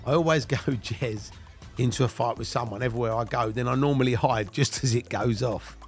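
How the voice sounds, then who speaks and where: A man in his fifties with an English accent spins rough tales of his past in a mid-pitched, everyday voice. He swears freely and keeps laughing at his own stories. His tone stays casual and blunt. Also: brisk, faint music behind. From England. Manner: blunt and heavily profane, breaking into laughter. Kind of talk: casual anecdotal storytelling.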